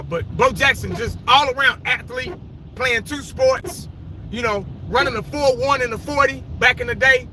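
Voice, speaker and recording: Man, very high voice, sharp bright tone, casual profane sports rant, faint background noise. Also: poor audio. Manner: opinionated, profane, rambling. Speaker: fan vlogger.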